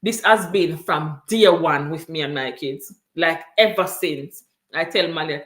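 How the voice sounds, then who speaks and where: Speaking unhurriedly in a deep voice, this mother talks about raising her children in a casual livestream chat, her words echoing around the room. An immigrant to Canada, she is earnest and emphatic and keeps returning to her main points.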